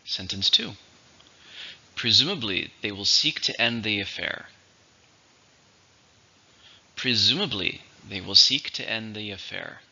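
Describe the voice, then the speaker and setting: A man teaches English vocabulary with a gravelly, slightly husky voice that still has a sharp, bright edge. He speaks slowly and deliberately, modelling each word's syllables and stress before reading example sentences. The recording sounds dull and lo-fi. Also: lowish voice.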